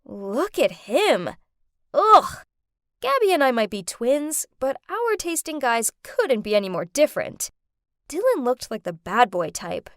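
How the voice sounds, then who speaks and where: Animated female storyteller. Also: a little high, unhurried, no room sound, studio quality. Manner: expressive, animated. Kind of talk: scripted narration of an animated story.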